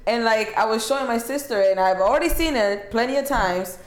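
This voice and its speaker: A woman's voice: on the high side, moderate pace. A woman co-hosting a podcast, telling stories in a casual chat with lots of swearing and laughing. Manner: animated storyteller, profane, laughs often. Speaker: podcast co-host. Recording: echoey room.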